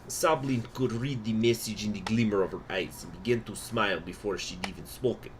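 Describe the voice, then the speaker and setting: A man's voice: fairly low pitch, brisk, noisy background, natural voice. A man reading game event text aloud in a put-on Russian accent, in a theatrical storytelling manner. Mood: dramatic.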